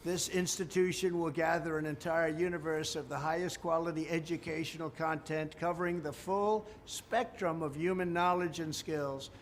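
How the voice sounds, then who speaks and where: A man's voice: a little high, fairly even intonation, normal speed, hardly any pauses, slight background noise. A man delivering a scripted political speech with emphatic, oddly placed stress, played as a clip. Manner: emphatic, stresses odd syllables. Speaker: politician in a played campaign video.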